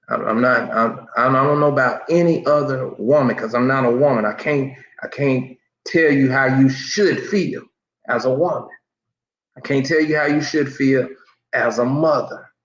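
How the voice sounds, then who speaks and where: A man's voice: medium pitch, fairly bright tone. A man giving impassioned commentary as an online news host, speaking emphatically and often restarting his sentences. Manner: repetitive, emphatic, stammering restarts. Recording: roomy, dull lo-fi sound.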